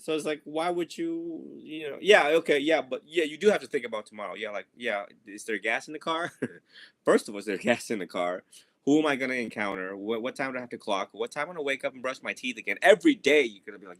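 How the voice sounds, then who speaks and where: A man's voice: medium pitch, animated, a little fast, a bit bright, no room sound. Playful man giving a casual dharma talk. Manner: playful, laughs often, mimics students. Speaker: Buddhist monk teaching a group. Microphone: video or phone call.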